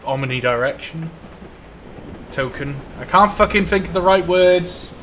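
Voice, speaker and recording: A man's voice: a little high, expressive, a little slow, fairly bright tone, slight background noise. Laid-back joking man streaming a train game. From Wales. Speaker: live streamer playing a train simulator. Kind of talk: casual live stream chat.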